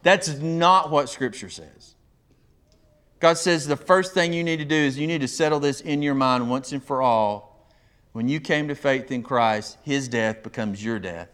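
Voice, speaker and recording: A man preaching a sermon, animated, often acting out quoted voices of others. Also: mid-range voice, a little slow. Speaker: pastor.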